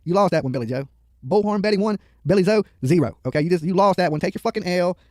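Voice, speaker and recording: A man's voice: high voice, animated, fast, darkish tone, dry recording. A man giving profane, mocking live commentary on a video from a studio, heckling the people on screen and rambling into stories.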